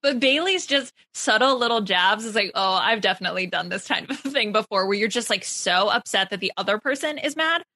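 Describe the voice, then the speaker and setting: A woman's voice: medium pitch, lively intonation, brisk, hardly any pauses, pushed and bright, no room sound. A woman co-hosting a casual recap show, chatty, laughing often and saying "like" a lot. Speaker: podcast co-host.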